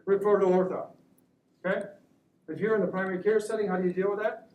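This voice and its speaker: A man's voice: high voice, little pitch movement, fast, narrow, tinny audio. A man, an orthopedic surgeon, giving a conversational classroom lecture to students and checking in with "right?" after nearly every point. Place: lecture room. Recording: echoey room, recorded from a distance.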